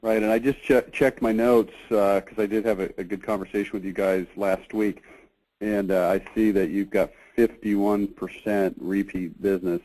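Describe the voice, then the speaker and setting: A man hosting a casual conference call, chatty and halting, with many fillers. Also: lowish voice, flat delivery, mellow, low-quality recording. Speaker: host of a marketing review call.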